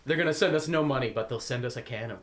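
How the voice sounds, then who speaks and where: A young man co-hosting a comedy podcast, trading quick jokes and laughing often. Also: mid-range voice, crowd noise. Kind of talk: casual comedic banter.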